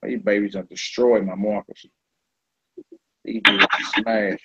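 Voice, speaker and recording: A man teaching a class, reading from a book and explaining slowly, repeating each word and often asking "all right?". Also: lowish voice, fairly even intonation. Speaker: Hebrew teacher. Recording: muffled lo-fi class recording with faint noise.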